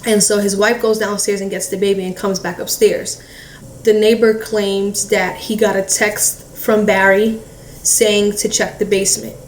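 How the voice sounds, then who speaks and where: A woman recounting a painful family event in halting speech, with many fillers, acting out what relatives said. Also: mid-range voice, flat delivery. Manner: halting, heavy filler "like", re-enacts relatives' words. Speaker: family member recounting a loss. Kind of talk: emotional personal storytelling. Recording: echoey room, distant mic, faint hiss.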